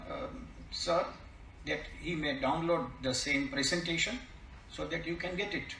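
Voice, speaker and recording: An older man with a Gujarati accent delivers a keynote lecture in an emphatic, questioning way, weighing each key word. His voice sits high and sounds sharp. He is picked up from some distance in an echoey college hall. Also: a little hiss or hum. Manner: emphatic, stresses single words and asks rhetorical questions. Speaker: keynote speaker. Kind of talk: formal lecture.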